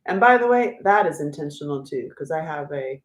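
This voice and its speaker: A woman in her fifties hosting a casual livestream, rambling and chatty and quick to laugh. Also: low voice, expressive, roomy sound. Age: 50s. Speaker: livestream host and author.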